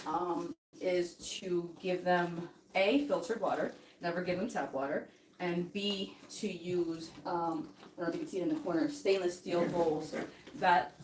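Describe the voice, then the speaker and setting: A chatty woman talks her viewers through a puppy-care routine. She sounds set back from the mic in an echoey room, with faint noise and puppies underneath. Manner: chatty, talks to the puppies in a high soothing coo. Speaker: dog breeder hosting a livestream. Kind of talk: casual livestream chat. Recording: roomy, from a distance, faint noise.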